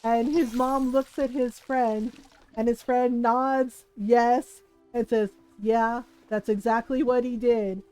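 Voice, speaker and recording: A woman streamer telling a story in casual chat, animated, often checking in with "right?" and laughing between lines. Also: fairly high pitch, slow, soft background music, low-quality recording. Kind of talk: casual storytelling while gaming.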